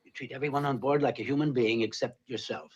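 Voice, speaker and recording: A man's voice: mid-range voice, steady tone, fast, muffled recording, lightly acted. An actor playing a wry fatherly ship's doctor. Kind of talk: 1960s TV drama acting. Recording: TV clip with music score behind.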